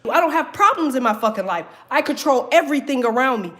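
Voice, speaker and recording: A young woman talks straight to her viewers with emphatic, blunt delivery. She curses constantly and pushes her point home. Her voice sits a bit high. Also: lively intonation, fast talker, fairly bright tone. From Southern United States. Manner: blunt, heavy cursing, emphatic. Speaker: tarot reader teaching a class. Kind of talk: profane motivational talk to viewers.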